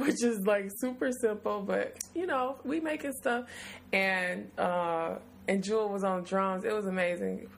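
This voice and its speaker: Chatty woman podcast host, rambly and warm-hearted, mid pitch, bit of background noise. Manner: loose, affectionate, rambling with fillers. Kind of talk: casual podcast chat.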